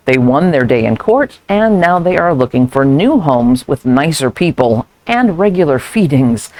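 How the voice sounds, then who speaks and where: A Southern US woman reads community announcements in a clear, steady announcer style. The recording is dry and close, with no room sound. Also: low-pitched, dry recording. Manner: clear, even announcer delivery. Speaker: local news reporter. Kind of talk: scripted community news reading.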